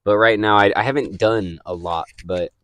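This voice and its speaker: A young man co-hosting a casual podcast, telling stories in an animated way and swearing often. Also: on the low side, normal speed, clear, resonant tone, no echo. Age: young adult. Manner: animated storyteller, swears a lot. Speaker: podcast co-host. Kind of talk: casual chat.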